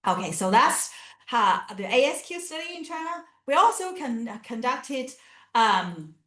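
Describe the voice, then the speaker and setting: A woman's voice: high voice, very animated, measured pace, a bit bright, echoey room. A woman giving a conference lecture, explaining her research step by step with many fillers and restarts. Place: conference venue.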